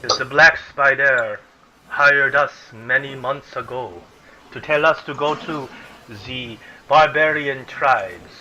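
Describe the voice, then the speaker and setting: A man voicing a captive male doppelganger mercenary, speaking low, quiet and measured. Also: lo-fi sound. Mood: calm.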